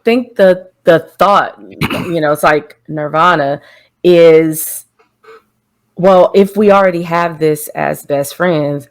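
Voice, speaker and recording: A woman co-hosting a relationship podcast in casual chat, thinking out loud with quick asides and short affirming replies. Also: sits low. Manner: reflective, quick asides, lots of affirming "mm-hmm". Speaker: podcast co-host.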